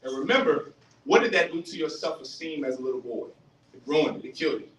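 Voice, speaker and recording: A man giving a fiery street-style religious lecture, animated, questioning the audience and acting out voices. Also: a little high, quick pace. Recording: roomy, distant mic, faint hiss.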